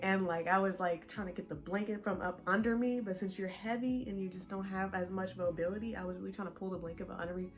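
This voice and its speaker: A woman's voice: medium pitch, fairly even intonation, fast talker, hardly any pauses. A young pregnant woman chatting casually to her viewers, laughing often as she tells a story. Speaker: vlogger. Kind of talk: casual chat.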